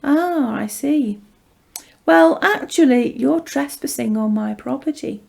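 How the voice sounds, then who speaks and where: A woman voicing a tall male faerie who teases in an amused, unhurried way. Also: high voice, creaky, a little mellow, heavily acted. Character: tall smirking male faerie, teasing and mischievous.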